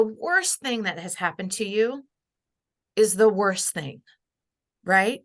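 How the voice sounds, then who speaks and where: A woman's voice: mid-range voice, lively intonation, unhurried, fairly bright tone. A middle-aged woman speaking as a podcast guest, reflective and heartfelt, now and then acting out the voices of the people she quotes. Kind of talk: reflective interview conversation.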